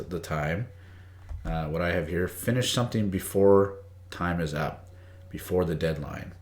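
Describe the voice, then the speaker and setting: A man teaching English idioms on a live stream, chatty, greeting viewers by name and reading the chat aloud. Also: deep voice. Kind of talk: casual live-stream lesson. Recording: echoey room.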